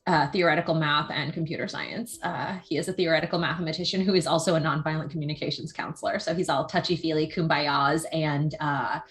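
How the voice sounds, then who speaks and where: Laughing, animated woman telling stories. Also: low-pitched, fast, hardly any pauses. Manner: animated storyteller, laughs often. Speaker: podcast guest. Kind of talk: casual chat.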